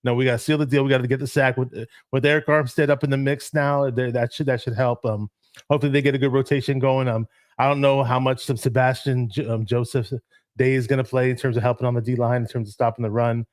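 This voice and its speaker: Man, calm sports chat, lots of ums, dry close sound, mid pitch. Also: dry recording. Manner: measured, laid-back, frequent ums. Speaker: co-host of a fan show. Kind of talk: casual sports talk.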